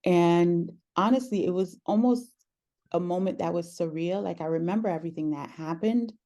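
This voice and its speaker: A woman talking through a personal story in conversation, earnest and reflective, often pausing with "um". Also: fairly low pitch, warm tone. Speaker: podcast host sharing her story as guest.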